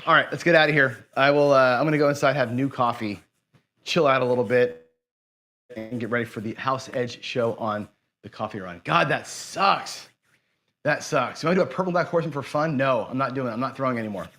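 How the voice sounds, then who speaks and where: Swearing under his breath after a loss, the host of a live craps stream talks to viewers in a fast, mid-range voice with a fairly bright tone, clearly down about how the game went.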